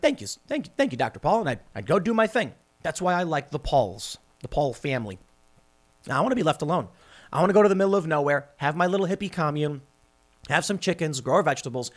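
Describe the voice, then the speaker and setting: A man hosting a podcast, delivering a sarcastic, animated political commentary monologue and often repeating words as he restarts sentences. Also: a little high. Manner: animated, sarcastic, mocks opponents in put-on voices. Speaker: podcast host.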